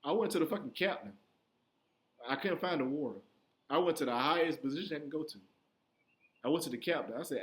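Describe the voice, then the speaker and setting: A young man with a slightly high voice tells stories straight to the listener. His talk is casual and full of swearing, and he jumps between voices as he acts out each side of a conversation. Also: a little fast, long pauses. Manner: profane, animated, acts out both sides of conversations. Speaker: storyteller. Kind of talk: casual storytelling monologue.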